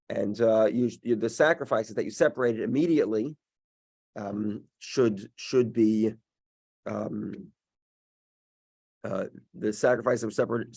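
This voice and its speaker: Halting male Talmud teacher. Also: mid-range voice, darkish tone. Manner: halting, many restarts, explains step by step. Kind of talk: daily Talmud class. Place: in-person class also streamed online.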